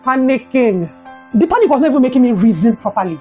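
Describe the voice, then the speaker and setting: A young adult woman with a Nigerian accent, telling a personal story in a vlog, animated and emotional, ending in prayerful encouragement. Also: a little high, very fast, dull audio, faint music behind. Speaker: vlogger.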